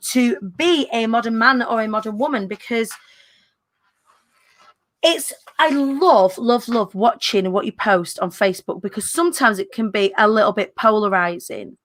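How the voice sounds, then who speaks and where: A woman's voice: on the high side, normal speed, a bit bright. A woman, hosting a casual live-stream chat in a bubbly way, full of British slang. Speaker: host.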